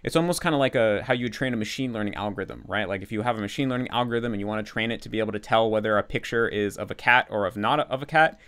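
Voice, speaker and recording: Speaking very fast with few pauses, a language-learning channel host answers questions casually in a lowish, smooth, slightly bright voice. His long explanations are full of restarts and repeated words, and he voices his own thoughts as quoted asides.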